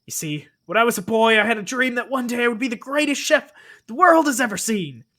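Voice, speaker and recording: Woman putting on a loud, cocky male student, all about himself. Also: a little high, animated, a little fast. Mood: boastful. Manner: loud and boastful. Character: brash, self-centered young male student.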